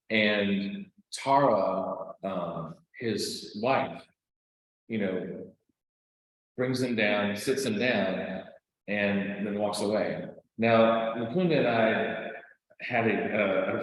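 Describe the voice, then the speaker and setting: A man teaching a class, telling stories in a loose, chatty way with lots of fillers and quick "right?" asides. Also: lowish voice, slight background noise. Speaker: meditation and scripture teacher. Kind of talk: casual class talk with storytelling. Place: teaching room. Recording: very echoey room.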